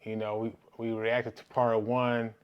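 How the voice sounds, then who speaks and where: A man's voice: medium pitch, monotone, a little slow, clean tone, highs cut off. Laid-back man reacting to clips. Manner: laid-back, many fillers. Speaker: reaction video host. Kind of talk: casual chat.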